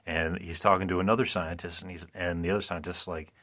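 Low-voiced man rambling through a movie recap. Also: level tone, quick pace, fairly bright tone. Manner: rambling, restarts, asks listeners "right?". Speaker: podcast host.

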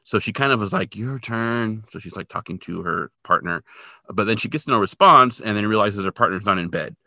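Gravelly low-voiced man recapping. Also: a little fast, pushed and bright, dry recording, clean studio sound. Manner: loose retelling full of "like" fillers. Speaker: podcast co-host. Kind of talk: casual episode recap.

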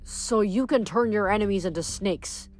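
A woman's voice: medium pitch, moderate pace, soft background music, natural voice. A woman reading aloud, voicing an anxious, frustrated teenage boy demigod. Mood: desperate.

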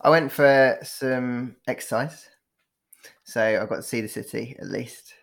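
A man co-hosting a podcast, speaking hesitantly and softly in casual chat. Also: medium pitch, a little slow, creaky. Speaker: podcast co-host.

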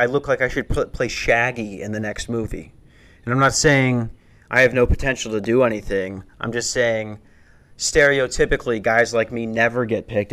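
A man's voice: medium pitch, fairly bright tone. A young adult man telling stories on a podcast in a casual, rambling way, swearing and laughing often and restarting his sentences. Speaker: podcast host. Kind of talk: casual storytelling chat.

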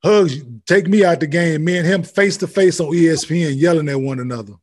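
A man's voice: fairly high pitch, brisk, darkish tone. A man hosting a casual podcast chat, laid-back and profane as he tells stories. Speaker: podcast host, former college basketball player.

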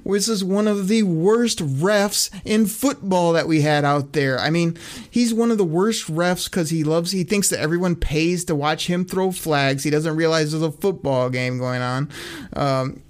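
A man's voice: on the high side, unhurried. A man co-hosting a casual football talk show, ranting with sarcasm and frequent laughter. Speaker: sports podcast co-host. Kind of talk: casual sports talk rant.

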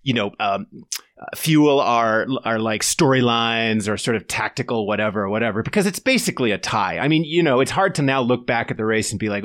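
A man hosts a casual cycling podcast with a playful, teasing manner, tossing questions to his guests. His voice sits at an ordinary middle pitch. The sound is dry and close, with no room around it. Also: animated, a little fast, a bit bright, dry recording. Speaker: podcast host.

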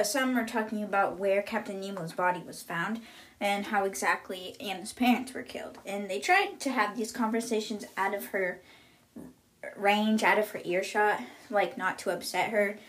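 A woman hosting a book podcast, recapping chapters in a casual, chatty way with lots of "like" and "kind of". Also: medium pitch.

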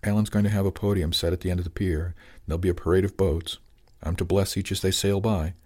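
A man's voice: low voice, steady tone, fast, a little mellow. A man doing a wry fatherly village shaman. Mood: matter-of-fact.

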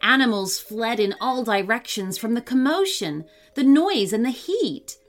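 Woman storyteller, bright and lively, soft music under her. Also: a little high, unhurried. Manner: expressive, animated storytelling. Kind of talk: children's story narration.

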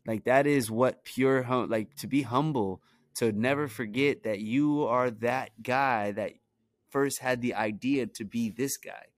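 A man's voice: mid-range voice, a little slow, no echo, clean studio sound. Young man telling stories, rambling. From Brooklyn, New York. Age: young adult. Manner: rambling, heavy on "you know" and "like" fillers. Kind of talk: casual storytelling.

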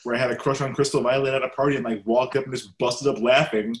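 A man's voice: mid-range voice, steady tone, fast talker, poor audio. Self-deprecating man on a podcast. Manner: self-deprecating, hesitant with fillers. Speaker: podcast co-host. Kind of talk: casual podcast chat about a film.

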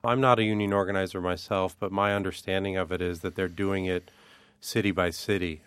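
A man with a very low, deep voice, speaking as a studio interview guest. He explains earnestly and thoughtfully, with a few ums and uhs. The sound is close and dry. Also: fairly bright tone, smooth, no room sound. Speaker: guest, adjunct art professor. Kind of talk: radio interview. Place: radio studio.

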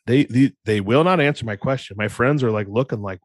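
A young man from Iowa hosting a solo podcast, telling a rambling, animated story full of restarts and acted-out quotes. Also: medium pitch, brisk, no room sound. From Iowa, USA. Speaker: podcast host.

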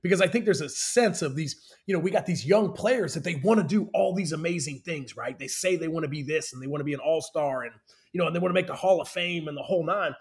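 A professional baseball player, appearing as a guest, chats about sports in a slightly high, quick male voice. He's enthusiastic and keeps calling his host "bro."

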